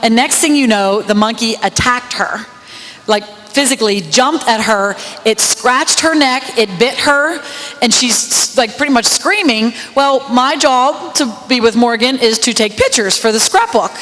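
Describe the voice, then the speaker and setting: A woman's voice: fairly high pitch, measured pace, a bit bright, long reverb tail, poor audio. A woman emceeing a county fair queen contest, telling a rambling, laughing story. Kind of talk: storytelling at a podium. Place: outdoor fair stage with PA system.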